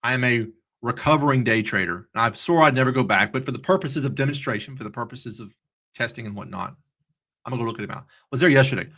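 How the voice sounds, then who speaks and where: A man's voice: mid-range voice, fast, bright, forceful tone. A man hosting a live trading stream, chatty and upbeat, easily sidetracked as he talks through charts. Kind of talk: casual live-stream commentary.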